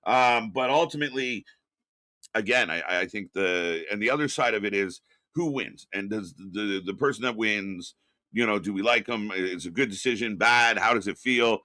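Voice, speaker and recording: This middle-aged man's voice is fairly low, pushed and bright, at a moderate pace in a dry recording. Streaming from his home studio, he talks casually, reads messages from viewers aloud and greets them, rambling with plenty of fillers, restarts and the occasional swear word.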